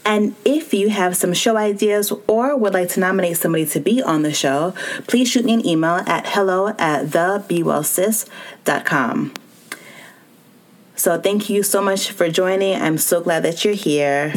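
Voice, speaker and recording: A woman's voice: lowish voice, moderate pace. A woman hosting a solo wellness podcast, talking straight to her listeners in an encouraging way. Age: adult with child and spouse. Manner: warm encouraging, speaks directly to listener. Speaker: podcast host.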